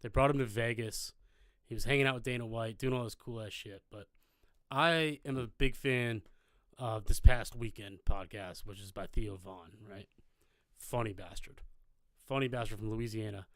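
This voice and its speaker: A man's voice: fairly low pitch, normal speed, no echo, clean studio sound. A man co-hosting a live podcast, telling loose, rambling stories full of swearing in casual chat. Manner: loose, rambling storyteller with lots of profanity. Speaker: podcast co-host.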